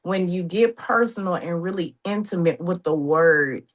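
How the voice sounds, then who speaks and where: A woman hosts a conversational faith interview, her voice sitting somewhat low. She affirms her guest often and asks probing follow-up questions. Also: normal speed. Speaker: podcast host.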